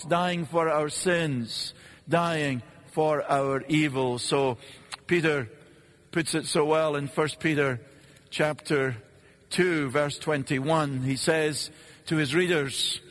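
A man preaching a sermon in an earnest, measured way, posing rhetorical questions and pausing for effect. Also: fairly high pitch, fairly bright tone. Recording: long reverb of a large hall.

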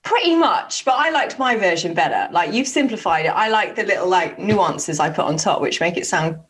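A woman's voice: fairly low pitch, animated, a little fast, a bit bright. A woman co-hosting a podcast, playful and giggly in casual chat. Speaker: podcast co-host.

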